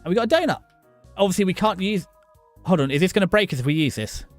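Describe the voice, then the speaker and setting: Over soft background music, a chatty middle-aged streamer from southern England talks casually while he plays. He has a high voice with lively intonation. His speech comes in fits and starts as he restarts phrases and greets chatters by name.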